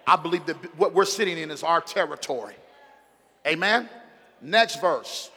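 A man's voice: lively intonation, moderate pace, slightly rough. Middle-aged preacher man in a reverberant hall. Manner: preaching with call-and-response, surging from low asides to loud shouted emphasis. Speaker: pastor. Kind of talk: sermon. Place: church sanctuary.

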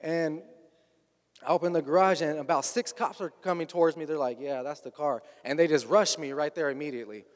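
A man's voice: on the high side, fairly quick. A man telling a personal story in a conversational way, often slipping into quoted dialogue. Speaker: guest recounting his past. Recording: long hall reverb.

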